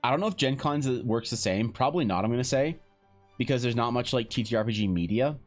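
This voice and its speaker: Young man, casual streamer storyteller, rambling and profane, mid-pitched voice with faint music underneath. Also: lively intonation, quick pace. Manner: rambling storyteller, swears, acts out dialogue. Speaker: streaming artist. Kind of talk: casual chat on a live art stream.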